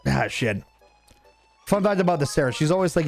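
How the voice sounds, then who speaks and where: Male streamer, casual storyteller, profane and animated, slightly raised pitch, light music underneath. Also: moderate pace, long pauses. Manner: profane, laughing, animated venting. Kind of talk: casual gameplay commentary with storytelling.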